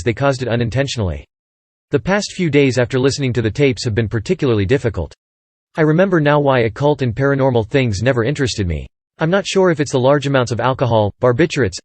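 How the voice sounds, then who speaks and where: A man reading a horror short story aloud in a steady, first-person storytelling manner. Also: mid-range voice, no room sound. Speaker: narrator. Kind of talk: scripted horror story narration.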